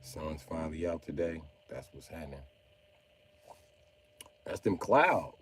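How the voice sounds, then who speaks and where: A man ranting on a casual livestream, profane and loud, breaking into high mock pleading. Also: animated, a little slow, slight background noise.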